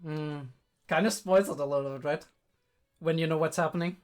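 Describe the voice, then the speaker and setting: A young man whose first language isn't English talks through an anime episode in casual reaction commentary. He rambles and thinks aloud, full of ums and half-started sentences. Quiet music plays faintly behind him. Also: a little high, fairly even intonation, normal speed. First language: not English. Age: young adult. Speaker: reaction video host.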